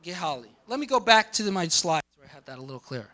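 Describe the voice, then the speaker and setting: A man lecturing a class in an animated way, often quoting example sentences and breaking off mid-thought. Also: high voice, quick pace. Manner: animated, quotes example sentences, interrupts himself.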